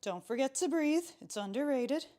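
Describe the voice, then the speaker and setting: A woman's voice: sits high, expressive, normal speed, warm tone. A young woman teaching a live pilates class, chatty and playful, counting reps aloud with frequent laughs and a slight breathlessness as she holds planks. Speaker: pilates instructor. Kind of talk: live workout instruction.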